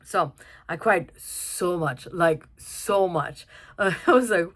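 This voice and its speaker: A young woman giving a chatty, casual film review, full of fillers and restarts and quick to laugh. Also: lowish voice, a bit bright.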